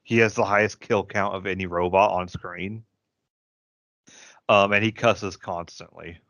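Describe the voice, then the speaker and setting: Low-voiced Midwestern man, rambling fan. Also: fairly even intonation, a little slow, a bit bright, dry recording. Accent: Midwestern American. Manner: enthusiastic fan, rambling storyteller. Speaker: podcast co-host. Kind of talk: casual chat. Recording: dry, dull lo-fi podcast audio.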